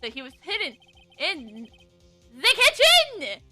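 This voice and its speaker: A woman voicing a flustered young male defense lawyer in a video game, excitable and shouting his claims. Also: high-pitched, normal speed, faint music behind, exaggerated voice. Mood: excited.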